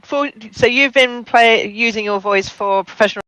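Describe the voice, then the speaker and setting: A man's voice: very high-pitched, moderate pace, bright, forceful tone, smooth, no echo, poor audio. A man hosting a podcast, asking brief, hesitant questions. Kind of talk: interviewing.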